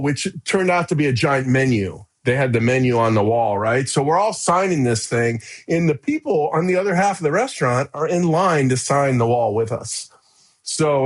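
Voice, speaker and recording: A middle-aged man with a fairly high pitch is a podcast guest telling a story. He keeps it lively and informal, voicing the shouts himself and sprinkling in "you know" and "right?".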